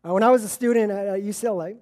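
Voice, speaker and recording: Mellow-voiced woman preaching conversationally. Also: medium pitch, racing. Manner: storytelling, acts out quoted voices, chuckles. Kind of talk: conversational sermon.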